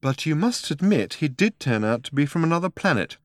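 A man reading aloud and voicing a calm, wry young woman. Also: on the high side, fairly quick, dry recording, studio quality, pitched above the performer's own voice.

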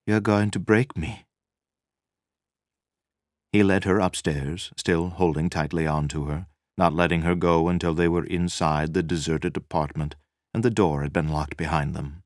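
A man reading a novel aloud as narrator, measured and dramatic. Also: extremely low pitch, steady tone, dry recording, studio quality. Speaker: audiobook narrator. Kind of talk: scripted narration.

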